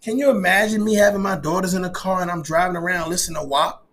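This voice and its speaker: A man in his forties hosting a podcast, ranting in an emphatic, profane, animated way. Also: high voice, quick pace. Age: 40s. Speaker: podcast host. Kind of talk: casual monologue.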